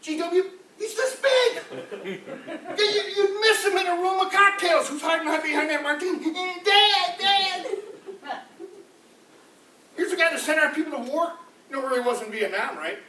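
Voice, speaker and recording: A man doing rambling, animated political stand-up comedy before a live audience in a campus room, often slipping into mocking voices. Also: very high voice, moderate pace, a little hiss or hum. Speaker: street comedian. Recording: echoey room, voice from far off.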